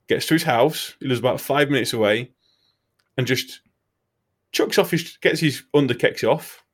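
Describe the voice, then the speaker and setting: A man's voice: mid-range voice, normal speed, pauses often, slightly rough. A man telling a crude comic story in casual chat, swearing freely. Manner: animated, swearing, laughing storyteller.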